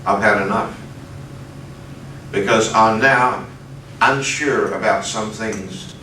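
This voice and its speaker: A man with an Australian accent preaching, telling a personal story in an animated way and leaping up in pitch for the lines he quotes. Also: slow, a little hiss or hum. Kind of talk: sermon storytelling. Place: conference hall. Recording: echoey hall, distant mic.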